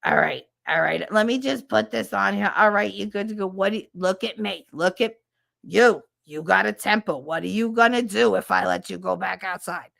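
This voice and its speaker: A brusque older school nurse who chain-smokes, fusses and calls every kid darling, as a woman puts her on. Her voice is gravelly and recorded close and dry. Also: mid-range voice, moderate pace, a bit bright, dry recording.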